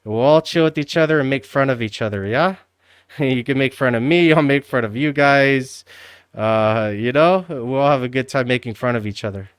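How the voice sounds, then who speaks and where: Male streamer, loose profane chatter, middle pitch, clean resonant tone. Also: moderate pace, clear, resonant tone, no echo. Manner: rambling, profane, says "dude" constantly. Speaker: livestreamer. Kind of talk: casual livestream chat.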